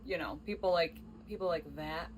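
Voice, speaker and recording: A woman's voice: low-pitched, normal speed. Woman, podcast co-host, casual chat, rambling, jokey, self-deprecating, faint background hiss.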